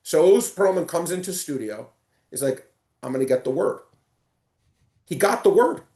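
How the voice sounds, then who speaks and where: A man on a casual sports podcast, telling animated stories with lots of stumbling restarts. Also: a little high, moderate pace, roomy sound. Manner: animated storyteller, stumbling restarts and excited retelling. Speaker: guest.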